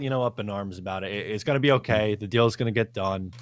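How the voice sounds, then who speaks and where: A man's voice: lowish voice, fast talker, hardly any pauses, dry recording. A man on a fan podcast panel, giving laid-back, reassuring takes in casual chat.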